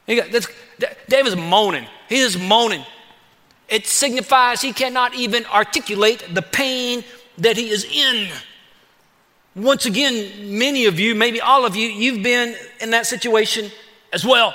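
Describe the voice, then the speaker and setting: Animated, bright-voiced preacher man in a hall. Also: very high voice, normal speed. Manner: animated, acts out David's pleas in casual voice. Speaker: pastor. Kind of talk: sermon. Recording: long hall reverb.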